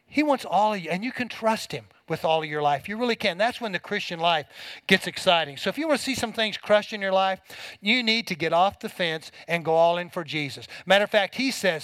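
A man's voice: high voice, expressive, a little fast, a bit bright, no room sound, poor audio. A middle-aged man preaching a sermon to a congregation, folksy and emphatic, with homespun everyday examples. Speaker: pastor.

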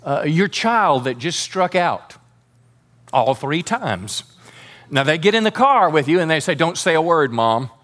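A man's voice: fairly high pitch, very animated, unhurried, fairly bright tone. A man preaching a sermon as pastor, fervent and calling on the congregation to respond.

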